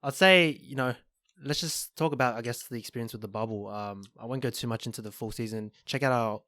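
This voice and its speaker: A man co-hosting a sports podcast, talking in a measured way with frequent pauses and restarts. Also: mid-range voice, pushed and bright, no room sound, clean studio sound. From Australia. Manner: measured, hesitant, lots of ums and restarts. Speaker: podcast co-host. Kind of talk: casual chat.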